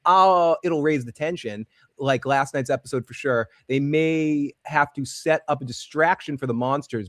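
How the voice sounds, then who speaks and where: A man co-hosting a casual livestream call-in show, easygoing and quick to laugh. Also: mid-range voice, no room sound, clean studio sound. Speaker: co-host.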